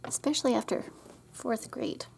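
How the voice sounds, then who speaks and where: A woman's voice: on the high side, normal speed, creaky, background noise. A middle-aged woman hosting a craft tutorial, chatting and rambling as she works and muttering to herself over her supplies.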